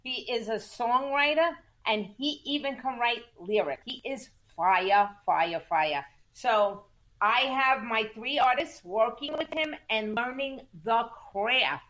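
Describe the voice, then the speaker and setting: A woman guest in a casual interview, telling music business stories in an animated, emphatic way, repeating words for stress and cursing casually. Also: fairly high pitch, slow. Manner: acts out quoted voices in lively storytelling. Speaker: music manager and entertainment attorney, guest.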